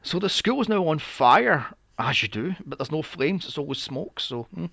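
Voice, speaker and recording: A man's voice: fairly high pitch, lively intonation, moderate pace, gravelly, fairly bright tone, slightly rough, no room sound, studio quality. A young man recapping a film on a podcast, sarcastic and swearing freely with mocking asides. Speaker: podcast co-host. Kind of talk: casual movie recap chat.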